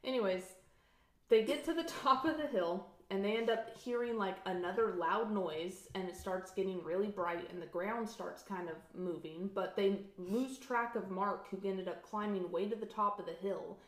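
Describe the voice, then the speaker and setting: A woman co-hosting a podcast, retelling a horror movie in casual chat, animated and swearing freely. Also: mid-range voice, moderate pace. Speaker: podcast co-host. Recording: echoey room sound on a live stream.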